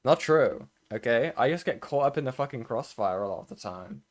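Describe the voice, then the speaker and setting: A man's voice: mid-range voice, animated, fairly quick. Exasperated swearing male streamer. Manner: blunt, swears often, exasperated asides, laughs. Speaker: commentary streamer. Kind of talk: casual reaction commentary.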